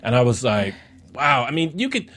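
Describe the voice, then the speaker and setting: A man hosting a casual podcast chat, recapping a reality show and acting out what people said. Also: fast. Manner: animated, acts out quotes with raised pitch. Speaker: podcast host.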